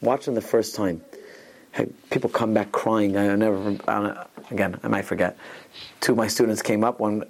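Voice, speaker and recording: A man's voice: lowish voice, fairly even intonation, moderate pace, gravelly. Man teaching an informal Torah class. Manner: digressive storytelling with Hebrew and Yiddish terms; frequent restarts and asides.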